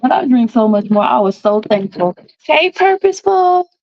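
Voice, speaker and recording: A woman's voice: medium pitch, fairly even intonation, a little fast, no room sound. A woman hosting a live stream, rambling casually with folksy asides. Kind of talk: casual morning chat. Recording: dry, slightly dull stream audio.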